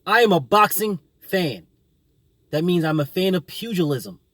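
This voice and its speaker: A man's voice: high-pitched, animated, measured pace, a bit bright, dry recording. A man hosting his own boxing channel, delivering a combative, profane opinion rant full of repetition.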